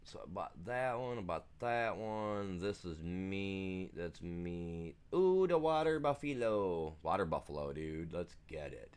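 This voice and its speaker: A man's voice: low-pitched, big pitch swings, measured pace, hardly any pauses, a little mellow, clean tone. A man streaming a farming game, chatting casually in a laid-back, rambling, slangy way. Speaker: gaming streamer. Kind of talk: casual chat while gaming.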